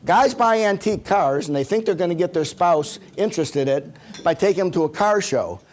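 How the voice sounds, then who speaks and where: Presenting a humorous seminar to a live audience, a man tells jokes and stories, slipping into acted quotes. His voice sits a bit higher than most men's, with lively intonation and a fairly quick pace.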